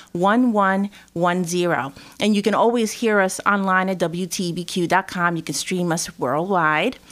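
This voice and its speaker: This is a woman hosting a live local radio talk show from a studio microphone. Her delivery is bubbly and upbeat, and she laughs easily. A slight lisp softens her s-sounds, and her voice sits at a mid pitch. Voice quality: slight lisp from dental aligners.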